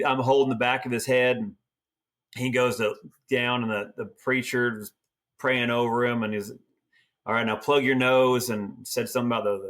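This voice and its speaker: A middle-aged man from Oregon, a team roper and trainer, telling stories in a casual, folksy way. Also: mid-range voice. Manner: folksy, animated storyteller acting out quotes. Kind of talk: casual storytelling.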